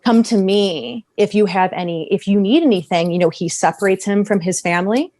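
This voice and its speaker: A woman's voice: medium pitch, a little fast, warm tone, dry recording. A woman on a podcast panel, passionate and rambling, who keeps restarting her thoughts. Her voice sits in an ordinary middle register. She is recorded close and dry. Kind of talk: casual podcast discussion.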